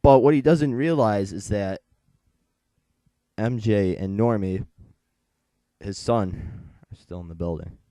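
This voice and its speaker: Deep-voiced teenage comic reviewer. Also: male voice, takes it slowly, long pauses, mellow, no room sound. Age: late teens. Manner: chatty and digressive, retelling the plot.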